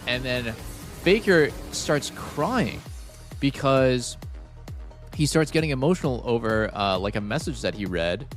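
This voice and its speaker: This game streamer chats casually with his viewers, rambling, cursing, and saying "like" constantly. He sounds animated, with a medium-pitched voice at a measured pace over soft background music.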